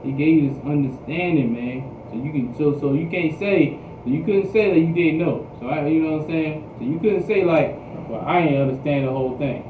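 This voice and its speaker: A preacher with a voice on the high side teaches a scripture class at a moderate pace with hardly any pauses. He repeats himself and keeps checking in with "you understand?" as the class answers back. The livestream audio is echoey and phone-like, noisy, and the mic is distant.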